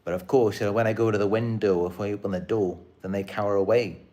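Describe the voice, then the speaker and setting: A man's voice: on the low side, fairly even intonation, quick pace, darkish tone. A man hosting his own channel, talking to camera in an earnest, repetitive, aggrieved live-stream monologue. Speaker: channel host.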